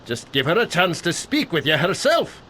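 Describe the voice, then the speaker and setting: An actor playing a fawning, scheming male messenger who talks in a theatrical, flattering way. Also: on the high side, normal speed, slight background noise, heavily acted.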